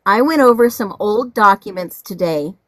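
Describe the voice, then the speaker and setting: A woman co-hosting a casual livestream, cheerful and quick to laugh, calling out where viewers are from. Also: mid-range voice, animated, no room sound, studio quality. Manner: cheerful, laughs often, calls out chat locations. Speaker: livestream co-host.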